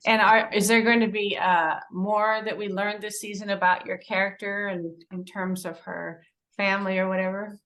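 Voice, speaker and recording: A woman's voice: mid-range voice, flat delivery, moderate pace, a bit bright. Lady interviewer, friendly and giggly, takes her time asking stuff. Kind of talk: casual interview questions.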